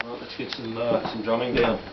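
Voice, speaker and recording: A man's voice: medium pitch, monotone, brisk. A man interviewing a musician casually, hesitant with many fillers. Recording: echoey, distant, dull, loud noise.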